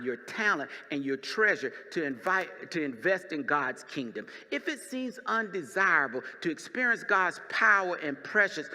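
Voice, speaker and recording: A male pastor preaching a sermon, moving between quiet teaching and loud, shouted preaching. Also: fairly high pitch. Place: church sanctuary. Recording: long church reverb.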